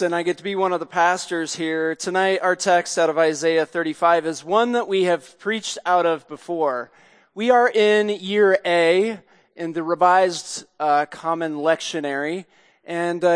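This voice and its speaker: Man, pastor, high voice, storytelling sermon, long church reverb. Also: clean tone. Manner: storytelling, sings snatches of a jingle. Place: church sanctuary.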